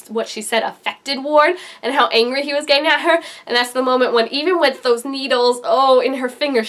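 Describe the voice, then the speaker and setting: A young adult woman giving an excited, gushing recap of a TV episode, her voice leaping up for emphasis. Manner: animated and gushing, jumps high for emphasis. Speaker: TV reaction vlogger.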